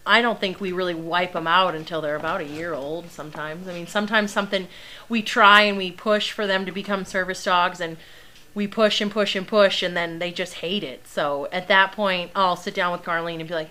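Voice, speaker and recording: A woman's voice: lowish voice, moderate pace, pushed and bright. A young woman training service dogs, chatting casually through a live Q&A, laughing often and filling with ums and likes. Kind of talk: casual livestream Q&A.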